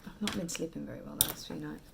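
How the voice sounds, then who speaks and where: A British woman in her thirties talks casually into a handheld camera, tired and chatty. Her voice has a gravelly, fry-tinged edge, and she keeps slipping into hushed, whispered asides. A faint hum of noise sits under her. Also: low-pitched, fast. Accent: British English. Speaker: vlogger and mother. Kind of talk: casual vlog chat.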